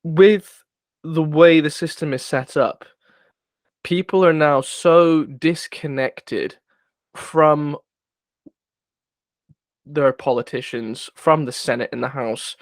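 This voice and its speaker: A man's voice: a little high, slow, pauses often, dry recording. A man co-hosting a casual political podcast, rambling and searching for words with frequent restarts. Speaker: podcast co-host.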